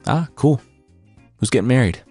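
A man's voice: mid-range voice, expressive, normal speed, warm tone, breathy edge, no echo, faint music behind, pitched above the performer's own voice. A man voicing a casual, slightly dim young man in a storytelling podcast. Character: clueless young man, hero's father.

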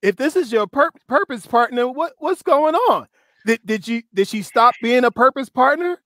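High-voiced animated male host, dry sound. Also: no room sound. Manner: animated, laughs often, reads quotes slowly for emphasis. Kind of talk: casual discussion chat.

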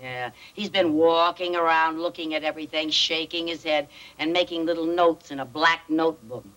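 An actress playing an eager, chatty bank secretary in a 1960s sitcom, quick with her replies. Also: low voice, steady tone, a bit bright, low-quality recording.

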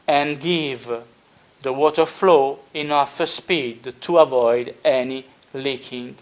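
A man explaining his model-building project step by step, with many pauses and filler sounds. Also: medium pitch. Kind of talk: unscripted tutorial narration.

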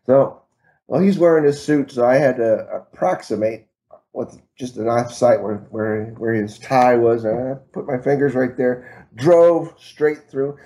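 A man's voice: medium pitch, unhurried, mellow. A middle-aged man, a martial arts instructor, telling a long story in an interview, rambling with fillers and poking fun at himself. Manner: rambling, many fillers and restarts, self-deprecating humor.

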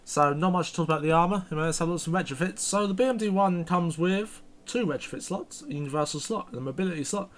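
A man's voice: sits high, quick pace, hardly any pauses, slight background noise. A man giving rambling, self-correcting commentary while reviewing a video game. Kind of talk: gameplay commentary.

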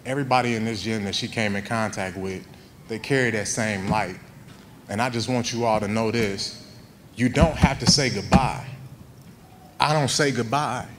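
A young man speaking at a memorial in a high school gym, telling heartfelt stories and acting out quoted voices. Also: normal speed, a bit bright, slight background noise. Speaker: eulogy speaker. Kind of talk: memorial speech.

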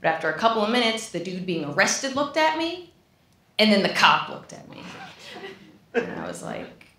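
A woman in her thirties performs stand-up with dry, deadpan timing and halting restarts. Her pitch swings widely, and the mic picks up the reverb of a live club room. Audience noise sits clearly underneath. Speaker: stand-up comedian. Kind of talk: stand-up comedy set. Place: comedy club stage.

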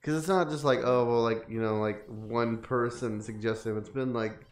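A man's voice: medium pitch, steady tone, moderate pace. A man playing a fighting game with a friend, grumbling with lots of fillers. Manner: complaining, hesitant with fillers. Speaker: co-player. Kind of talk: casual gaming chat. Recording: echoey room.

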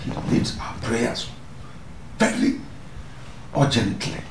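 An actor playing a secretive chief in a royal court, speaking with a Nigerian accent in a slow, grave, hushed manner. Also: male voice, echoey room, noisy background, close to an everyday voice.

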